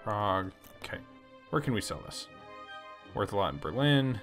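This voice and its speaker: A man with a gravelly, creaky voice hosts a laid-back let's play, reading the game's story text aloud and then musing over his choices. His pitch rises and falls a lot as he talks, and soft music plays faintly behind him. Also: moderate pace. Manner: relaxed, reads story text then chats about choices. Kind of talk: casual gameplay commentary reading game text aloud.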